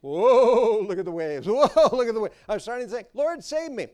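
A brash, excitable fisherman with a raised, high voice, as a preacher acts him out. He exclaims loudly and is quick to panic, lively and boastful in turn. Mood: cocky.

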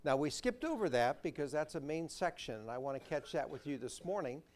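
A man pastor preaching a sermon, introducing a scripture passage and reading it aloud in a measured way. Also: on the high side, lively intonation.

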